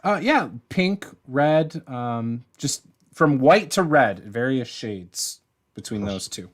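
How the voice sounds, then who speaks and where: Guy dm'ing a tabletop game, lively up and down voice, loose and casual. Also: mid-range voice, takes it slowly. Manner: casual, filler-heavy description. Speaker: game master.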